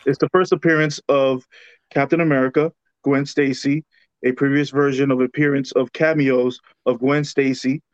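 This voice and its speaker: A man's voice: medium pitch, level tone, moderate pace, no echo, lo-fi sound. Laid-back man hosting a podcast. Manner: laid-back, stumbles over names, chuckles. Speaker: podcast co-host presenting comics. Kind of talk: casual podcast chat.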